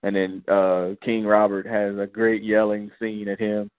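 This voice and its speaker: This podcast co-host has a lowish, clear, resonant voice that barely moves in pitch, and he keeps a measured pace. He casually runs through episode recaps, voicing characters' lines in slang, over a tinny phone-like line with no room sound.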